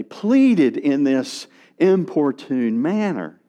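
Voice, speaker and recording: A man's voice: fairly high pitch, unhurried, muffled recording. A man preaching a sermon, telling stories and acting out the voices in them. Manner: animated preaching, acts out voices of beggars. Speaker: pastor.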